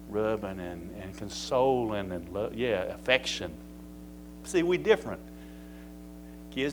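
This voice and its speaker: A man delivers a sermon in a relaxed, folksy manner, mid-pitched and conversational, then rising to emphatic peaks when he drives a point home. A faint hum sits under the recording. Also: rough recording. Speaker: pastor.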